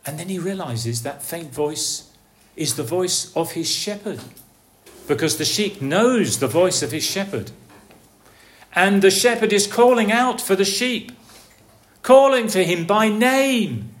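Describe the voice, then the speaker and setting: A man delivers a sermon in an unhurried, deliberate cadence, his voice sitting a little high for a man. He peppers the congregation with rhetorical questions, dropping to a near hush and then rising to a call. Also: expressive. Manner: slow, earnest preaching with rhetorical questions; swings from soft, hushed lines to raised, calling ones. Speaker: preacher.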